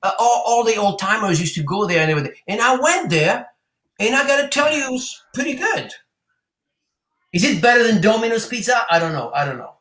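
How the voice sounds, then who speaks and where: A French-accented man talks as a guest on a rock show, playful and hamming it up. His voice is high and bright, with a roomy echo around it. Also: very animated, brisk. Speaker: guest singer. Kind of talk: casual interview chat.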